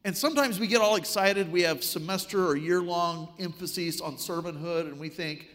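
A man preaching a sermon, telling a story with wry, animated delivery. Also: sits high, moderate pace, few pauses, big-room sound.

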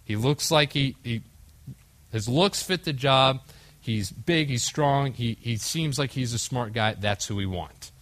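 A man's voice: mid-range voice, measured pace, a bit bright. A young man preaching a casual sermon, acting out the quoted voices of the story, with a few slips along the way. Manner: conversational, acts out quoted voices, occasional slips. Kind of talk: casual sermon with group discussion.

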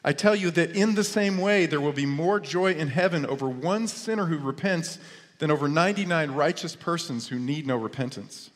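A man's voice: a little high, normal speed. Man preaching in a reverberant church hall. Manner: storytelling with humor, rising into lively exclamations. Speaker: pastor. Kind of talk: sermon. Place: church sanctuary.

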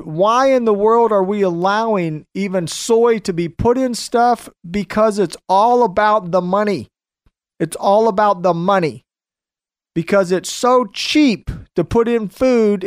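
A male radio host drives through a monologue with heavy emphasis, repeating his points. His pace is slow and deliberate. The sound is dry and close, with no room around it. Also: high voice, clear, resonant tone, dry recording. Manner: emphatic, repetitive ranting.

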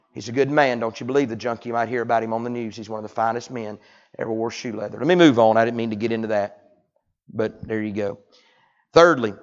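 Folksy preacher, hushed to loud. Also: male voice, medium pitch, dull audio. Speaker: pastor. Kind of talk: sermon.

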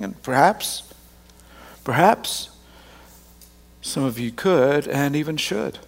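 A man's voice: mid-range voice, very animated, slow pace, long pauses. A man with a mixed Australian and Canadian accent, preaching a conversational, self-deprecating sermon from a church stage into a microphone. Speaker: pastor. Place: large church auditorium on stage. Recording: long hall reverb.

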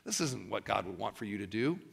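A man voicing an earnest male disciple who speaks low and hushed, pleading with a friend. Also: sing-song, a little fast, creaky, in a large hall, heavily acted.

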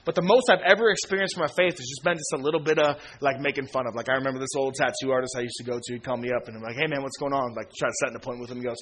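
A man in his thirties preaching a sermon in a relaxed, slangy way, acting out conversations with old friends. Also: medium pitch, quick pace, background noise. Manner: casual, slangy, acts out quoted friends with laughs. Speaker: pastor.

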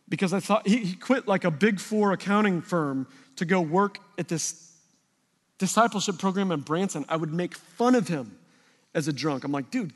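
Animated man preaching in a reverberant hall. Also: high-pitched. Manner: animated storytelling, voicing people in his anecdotes. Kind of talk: sermon.

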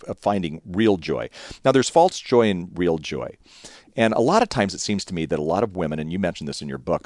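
A man hosts a radio interview in a very low voice that moves lively up and down. He sums up his guest's points in a thoughtful way and prompts her to go on. The sound is close and dry. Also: no room sound. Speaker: radio show host.

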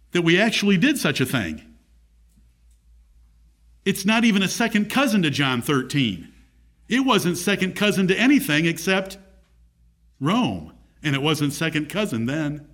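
Preacher guy, gets loud and emphatic, kinda high pitched. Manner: emphatic, rising in pitch and volume on key points. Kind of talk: sermon.

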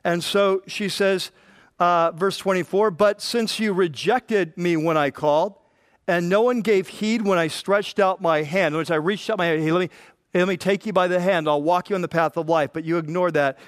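A man preaching a sermon, reading scripture and acting out the voices in it with lively emphasis. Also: high-pitched, normal speed, clear, resonant tone, no echo, studio quality. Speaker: pastor.

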